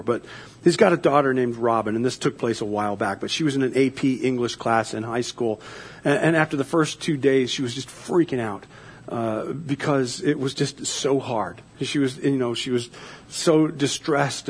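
A man's voice: mid-range voice, husky. A man preaching a sermon, earnest, building emphasis through repeated phrases. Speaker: pastor.

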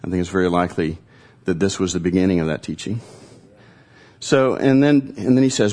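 Male pastor, lowish voice, conversational sermon, dramatic pauses. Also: darkish tone.

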